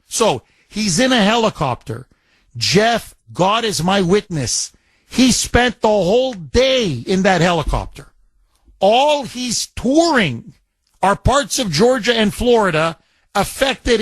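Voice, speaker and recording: A man with a high voice delivers an indignant rant on talk radio. He repeats himself and restarts phrases as he builds his point. The sound is dry and close, with no room echo. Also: big pitch swings, takes it slowly.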